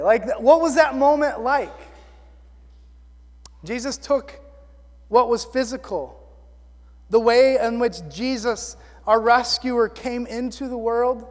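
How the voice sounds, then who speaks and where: A man preaching a sermon in an animated, excitable way, full of casual fillers. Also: very high voice, slow, pauses often. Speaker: pastor. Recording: long reverb of a hall.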